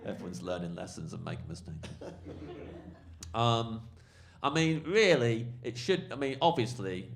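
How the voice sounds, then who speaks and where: A male comedian telling a rambling, animated anecdote on a podcast, full of fillers. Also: fairly low pitch, a little slow, creaky. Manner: rambling, animated storytelling, lots of fillers and swearing. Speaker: comedian guest.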